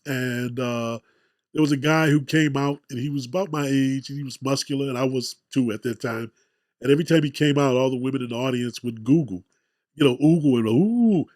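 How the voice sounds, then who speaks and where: A man's voice: medium pitch, fairly quick, darkish tone, no room sound. Chatty male podcast host, dry sound. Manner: chatty, self-deprecating storyteller. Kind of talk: casual interview chat.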